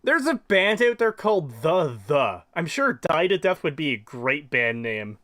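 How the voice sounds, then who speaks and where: A young man co-hosting a casual commentary podcast, joking and rambling and quick to laugh. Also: fairly high pitch, sing-song, fairly bright tone. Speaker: podcast co-host.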